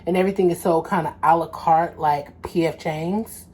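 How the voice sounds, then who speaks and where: A young adult woman from Los Angeles, vlogging casually and telling stories in a lively, slangy way, acting out quotes. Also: low-pitched, normal speed, slightly rough. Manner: animated, slangy storytelling with acted-out quotes. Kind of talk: casual storytelling vlog.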